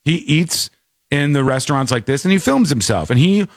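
A man hosting a casual commentary show, talking in an animated way and laughing while mimicking people. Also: a little high, normal speed, no room sound, clean studio sound. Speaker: podcast host.

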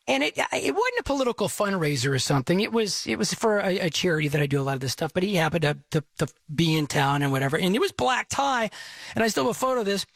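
A man's voice: a little high, fairly bright tone, no echo. A middle-aged man from Texas, telling a rambling, self-deprecating story as host. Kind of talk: casual storytelling.

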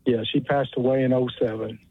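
A man from Alabama with a Southern accent calling in to a radio show, speaking haltingly with many pauses. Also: medium pitch, steady tone, breathy edge. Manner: halting, hesitant, lots of "uh". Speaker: caller. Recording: dry, tinny phone line.

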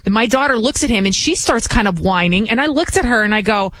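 A woman's voice: a little high, expressive, fast talker, fairly bright tone, rough recording. Blunt, combative woman radio host. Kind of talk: talk radio commentary.

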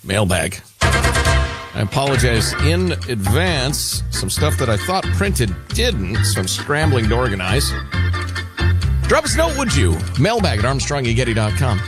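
A middle-aged man hosting a radio talk show, reading listener emails aloud with quick, wry asides. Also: mid-range voice, wildly swooping pitch, loud music behind the voice.

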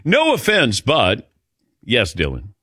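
An older man hosting a sports radio show, telling stories in a casual, animated way with chuckling asides. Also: medium pitch, takes it slowly, husky, no room sound, clean studio sound. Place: radio studio.

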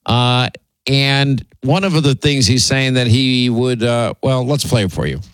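Male radio host, indignant and rambling, mid-pitched, dry close mic. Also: a little slow, dry recording. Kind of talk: talk radio commentary.

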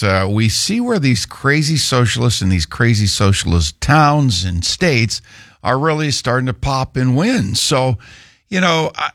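Lively, husky male morning radio host. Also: medium pitch, no echo, clean studio sound. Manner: upbeat, folksy. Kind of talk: radio news interview.

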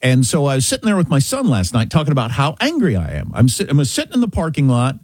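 A middle-aged man from Kansas, a talk-show host, telling a chatty, animated story in a casual way. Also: medium pitch, quick pace, slightly rough, dry recording. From Kansas, USA.

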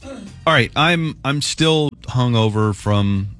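A man hosts a morning radio show from the studio, building hype as he introduces the crew. His voice sits at a middle pitch and he talks with easy banter. Soft music plays faintly underneath. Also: animated, slow.

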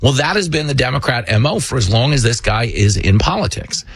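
Husky-voiced man hosting political commentary. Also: mid-range voice, very animated, fairly quick, dry recording. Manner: emphatic, sarcastic. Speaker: show host.

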